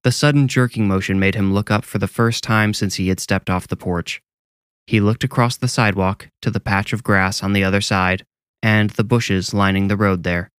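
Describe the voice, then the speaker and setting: A man narrating a scripted horror story in a measured, deliberate way. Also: on the low side, steady tone, clear, resonant tone, no echo.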